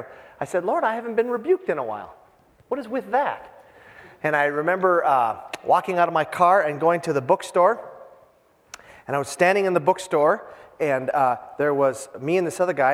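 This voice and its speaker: Chatty middle-aged pastor in a reverberant hall. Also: male voice, on the high side. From Minnesota, USA. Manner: rambling, self-deprecating and chatty, with many fillers. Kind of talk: informal sermon.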